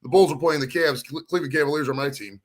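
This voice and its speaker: A middle-aged man from Ohio, USA, calls in as a guest for a casual chat, relaxed and cursing freely. His voice sits fairly high and he talks at a quick clip.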